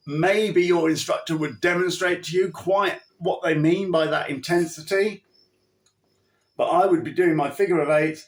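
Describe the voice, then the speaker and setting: A man teaching riders how to handle a spooky horse, his voice sitting a little high for a man. He talks in an emphatic, chatty way, with asides and restarts, and acts out the cues he gives the horse. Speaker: horse riding trainer. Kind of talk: instructional talk.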